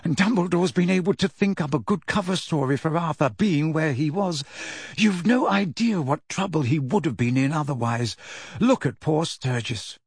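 A man's voice: fairly high pitch, normal speed, slightly rough, no echo, studio quality. A man reading an audiobook, voicing a middle-aged mother who gushes thanks in a muffled, emotional voice. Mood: tearful gratitude. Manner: tearful, gushing thanks.

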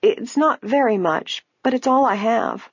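A frail, stubborn old woman in a storybook, her voice high and quavering, as a woman reader puts her on. The sound is dull and lo-fi, dry and close, with a husky edge. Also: lively intonation, a little slow, dry recording, exaggerated voice. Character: frail, proud old woman, injured and poor.

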